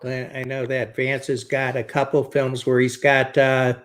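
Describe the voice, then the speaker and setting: A man's voice: medium pitch, monotone, normal speed. A man in casual chat, asking questions in a chatty, curious way.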